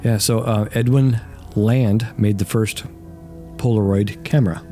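A man's voice: lowish voice, steady tone, a little slow, dark tone, soft background music. A man co-hosting a casual podcast, asking questions and reading facts he has looked up. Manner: chimes in with questions and looks things up. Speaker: podcast co-host. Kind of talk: casual chat.

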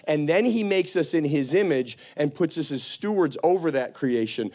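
A man preaching a sermon, intense and animated, with sudden loud rises. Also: fairly high pitch.

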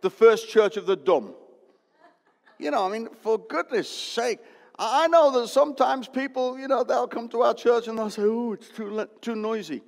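A man, preaching a lively, joking sermon in a church. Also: very high-pitched, normal speed, vocal fry. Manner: lively, joking, loud bursts. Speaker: pastor. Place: church hall. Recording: long hall reverb.

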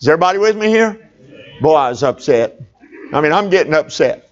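With a fairly high, expressive voice and a brisk pace, a middle-aged pastor shares a funny personal anecdote in his sermon. He is folksy and speaks directly to the congregation, though the recording is muffled.

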